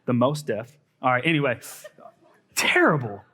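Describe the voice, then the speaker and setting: A man's voice: medium pitch, steady tone, normal speed, fairly bright tone. Earnest Texan man hosting a panel. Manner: earnest, rambling with fillers. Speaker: panel host, college minister. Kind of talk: casual panel talk.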